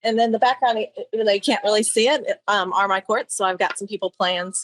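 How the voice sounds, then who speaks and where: A woman guest on an interview show, talking in a relaxed, friendly way from outdoors. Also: medium pitch, fairly quick, dry recording. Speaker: guest, pickleball club owner. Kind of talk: casual interview. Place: outdoors by her courts.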